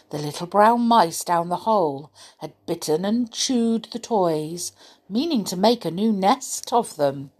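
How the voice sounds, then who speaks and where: A woman reading a children's storybook aloud in an expressive, lilting way. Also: on the low side.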